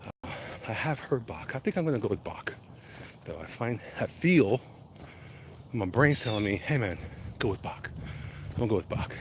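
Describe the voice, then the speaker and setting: A man's voice: fairly low pitch, big pitch swings, normal speed, long pauses, slight background noise. A man chatting casually while walking outdoors in the cold, rambling and reading out viewer comments as he goes. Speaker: vlogger answering live chat. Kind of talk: casual walk-and-talk livestream chat.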